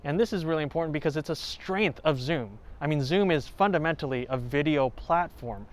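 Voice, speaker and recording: A man who plays violin, hosting a tutorial and calmly explaining step by step, now and then singing short examples. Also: fairly high pitch, fairly quick. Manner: clear, explanatory, with sung examples. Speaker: violin teacher and channel host. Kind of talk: instructional talk to camera. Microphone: home recording setup.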